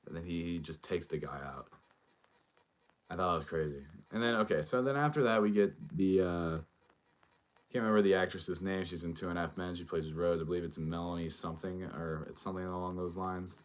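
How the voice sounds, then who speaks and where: Man, very low voice, casual show host, rambling TV recap, lots of "um" and "like". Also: fairly quick. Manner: rambling, filler-heavy, loosely retells scenes. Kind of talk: casual episode recap and review.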